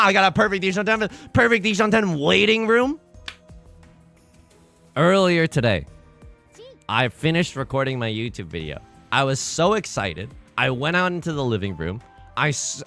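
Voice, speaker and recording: Excitable young man streaming a game. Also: medium pitch, normal speed, faint music behind. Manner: excitable, swings from loud outbursts to mumbling asides; laughs often, self-mocking. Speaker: streamer playing online mahjong. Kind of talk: casual livestream chat and commentary.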